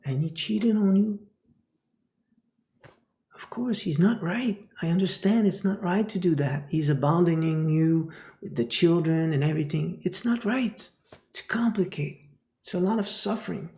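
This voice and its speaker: A man giving a spiritual teaching talk, speaking slowly and often dropping into a whisper. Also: high-pitched, gravelly, a little mellow, reverberant. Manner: slow, often drops into a whisper.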